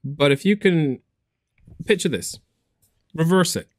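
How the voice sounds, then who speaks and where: A man's voice: a little high, animated, unhurried, dry recording, studio quality. A man in his thirties, co-hosting a podcast, joking and self-deprecating in casual chat while sick with a cough. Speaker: podcast co-host.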